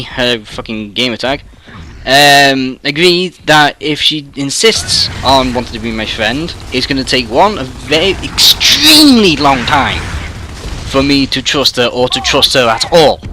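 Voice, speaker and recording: A young man with an English accent rants into the camera for his gaming channel. His voice is bright and a little tense, and he swears a lot, drifts off on tangents and fills gaps with ums. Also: medium pitch, a little hiss or hum. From England. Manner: rambling and sweary, full of ums and trailing asides. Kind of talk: ranting monologue.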